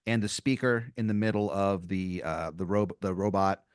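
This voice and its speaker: A man's voice: low-pitched, moderate pace, clean tone, no echo. A man hosting a comedy podcast, improvising a story with a playful, rambling, filler-heavy delivery on a close mic.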